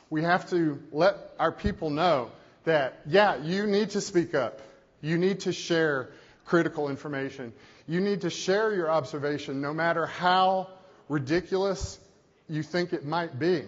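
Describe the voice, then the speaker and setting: A man who is a company CEO giving a keynote talk in a conference hall, with animated, conversational storytelling. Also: on the high side. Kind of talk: keynote presentation. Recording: echoey hall, dull lo-fi sound.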